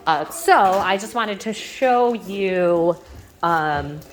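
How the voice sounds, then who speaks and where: Speaking very slowly with lively intonation, a thirtysomething dog trainer walks through her home demonstrating how she trains her dogs in a casual instructional vlog. Her talk is loose, with fillers and restarts, and she uses sweet, high-pitched baby talk with the dogs.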